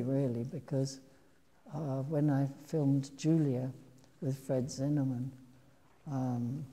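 Slow, low-voiced older woman in a hall. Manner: slow and reflective, with frequent ums and soft laughs. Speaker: actress giving a talk. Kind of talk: anecdotal talk to an audience. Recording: long hall reverb.

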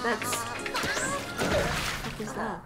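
Young woman reacting fast over game music. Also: on the high side, wildly swooping pitch, bright, forceful tone. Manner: casual, swearing, quick reactions. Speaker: co-player. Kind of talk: casual gameplay chat. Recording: game music playing behind.

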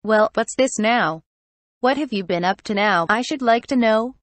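A woman's voice: fairly high pitch, normal speed, dry recording, lightly acted. A woman reading as a scornful countess. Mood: stern, scornful. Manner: stern, cold and cutting. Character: proud, scornful countess wife.

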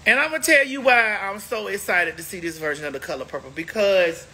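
Bright sassy woman chatting on a live. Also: mid-range voice, a little hiss or hum. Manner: sassy, chatty, drawn-out emphatic talk. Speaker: livestream host. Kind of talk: casual livestream chat.

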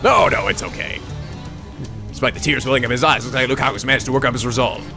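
A man's voice: medium pitch, quick pace, vocal fry, music in the background. A man hosting a let's play, reading a visual novel aloud with playful, theatrical delivery, often giggling.

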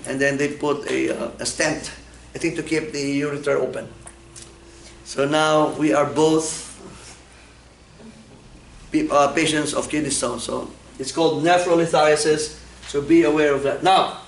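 A man's voice: on the high side, roomy sound, slight background noise, rough recording. A man giving a medical lecture, joking, asking the class questions and answering them himself. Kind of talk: classroom lecture with personal anecdotes.

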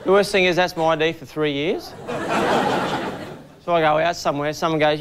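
Male Australian stand-up, deadpan self-deprecating delivery. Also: on the high side, brisk, very noisy. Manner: dry, self-deprecating storytelling. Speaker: stand-up comedian, presenter. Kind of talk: stand-up comedy and presenting.

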